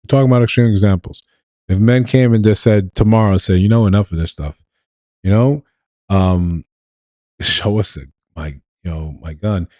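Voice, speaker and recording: A man's voice: low-pitched, unhurried, darkish tone, no room sound. A man from New York hosting a casual live stream, talking loosely to his chat with laughs and restarts.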